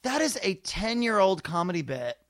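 A man co-hosting a casual comedic chat, quick and campy, often slipping into mocking impressions. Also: sits high, sing-song, creaky, a bit bright, dry recording. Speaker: podcast co-host.

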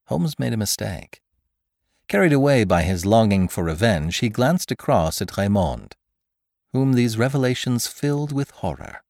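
Deep, animated male storyteller reading a classic adventure, dry studio sound. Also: normal speed, creaky, dry recording. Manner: expressive storyteller. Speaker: narrator. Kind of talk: dramatic audiobook narration.

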